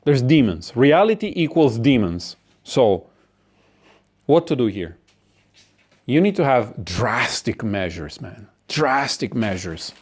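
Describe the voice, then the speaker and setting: A man's voice: mid-range voice, very animated, slow, slightly rough. A man delivering a profane, sardonic comedic rant about philosophy and human existence. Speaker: monologuist.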